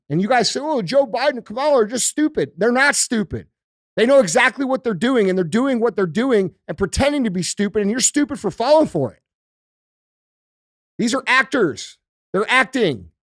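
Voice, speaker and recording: High-voiced man ranting heatedly. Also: very animated, moderate pace, a bit bright, no echo, studio quality. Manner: emphatic, profane and heated. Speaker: podcast host. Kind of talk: casual podcast rant.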